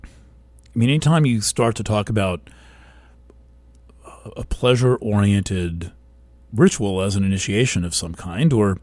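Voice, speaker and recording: A man hosting a weekly show, talking in a slow, thoughtful monologue that halts and restarts as he searches for words. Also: fairly low pitch, a little mellow, no room sound. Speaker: host. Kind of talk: reflective monologue.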